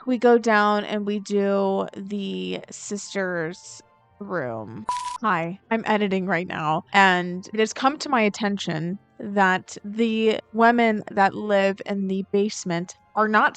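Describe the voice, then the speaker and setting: A woman's voice: mid-range voice, takes it slowly, a bit bright, clear, resonant tone, no room sound, soft background music. A woman vlogger giving casual gameplay commentary, chatty and thinking aloud with frequent filler words. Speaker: game building vlogger.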